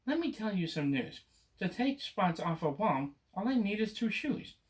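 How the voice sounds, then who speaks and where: A man's voice: sits high, big pitch swings, normal speed, pitched above the performer's own voice. A man reading aloud and voicing a cheeky, boastful cat with a gleeful manner. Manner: gleeful and confident.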